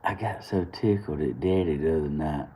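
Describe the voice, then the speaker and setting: A man's voice: rumbling low, moderate pace, mellow, slight background noise. A young Southern man from Georgia, chatting casually on his morning live stream and telling a rambling story with frequent laughter. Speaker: host of a live morning show.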